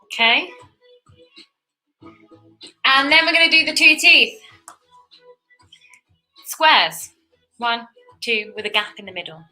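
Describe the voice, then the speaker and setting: A woman's voice: on the high side, animated, slow pace, long pauses, sharp tone, faint music behind. A young woman giving cheerful, chatty step-by-step painting instructions as a tutorial host.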